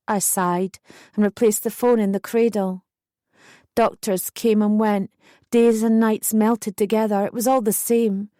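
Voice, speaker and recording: A woman's voice: medium pitch, steady tone, a little slow, mellow, no echo, studio quality. A young woman narrating a true first-person memoir as an audiobook, intense and emotional in her retelling.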